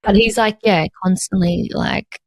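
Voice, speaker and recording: A woman's voice: mid-range voice, steady tone, measured pace, no room sound. Chatty woman, dry close sound. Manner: chatty, heavy use of "like". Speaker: podcast co-host. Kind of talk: casual podcast chat.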